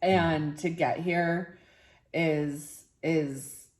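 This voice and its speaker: A young woman with a low voice talks casually in a personal vlog, rambling with lots of filler words. She sounds tired and a bit sore, soft and emotional. The room is echoey. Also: fairly even intonation, very slow, a little hiss or hum. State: tired and sore after a procedure. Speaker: vlogger.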